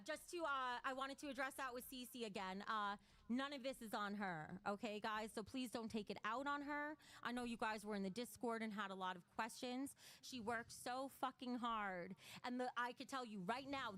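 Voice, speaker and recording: Hosting a casual livestream, this woman talks to her viewers with blunt, emotional language and plenty of profanity, reading out donations from chat. Her voice is on the high side and a bit bright.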